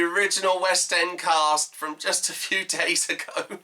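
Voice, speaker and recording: Gushing young man, bright tone. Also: sits high, steady tone, takes it slowly, pauses often. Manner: effusive, gushing, laughs often. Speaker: fan host of a themed stream. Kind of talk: casual emotional fan commentary.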